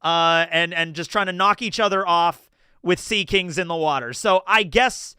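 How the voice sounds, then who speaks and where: A man's voice: high voice, normal speed, bright, forceful tone, clean tone, dry recording, clean studio sound. A man from New Jersey giving chatty, casual livestream commentary, laughing often and swearing freely. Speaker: streamer.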